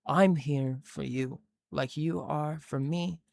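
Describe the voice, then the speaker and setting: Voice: medium pitch, steady tone, slow pace, creaky, a little mellow. A game master voicing a falsely sweet, menacing female witch matriarch with claws, coaxing and calling people honey and sweetie. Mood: sweetly menacing.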